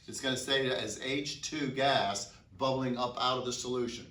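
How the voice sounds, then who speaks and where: A man's voice: mid-range voice, moderate pace, sharp tone. A man teaching a chemistry class, asking students questions and answering them himself. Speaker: high school chemistry teacher. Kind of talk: classroom lecture. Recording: echoey classroom from a distance.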